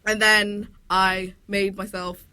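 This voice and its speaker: A young woman co-hosts a student radio show, quick and teasing in her banter. Her voice is bright and sharp at a middle pitch. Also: flat delivery, smooth. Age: young adult. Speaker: radio co-host. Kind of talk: casual student radio chat.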